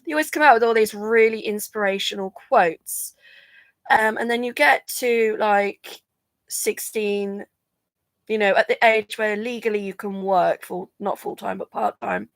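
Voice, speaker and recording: Drowsy woman with a creaky voice. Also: medium pitch, a little slow, no echo. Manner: rambling, drowsy and yawning. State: drowsy from medication. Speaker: vlogger going live. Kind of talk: casual live-stream chat.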